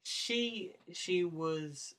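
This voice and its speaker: A man hosting a casual podcast chat from a home office, excitable and quick with joking asides. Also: high voice, a crowd in the background. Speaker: podcast host. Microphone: laptop mic.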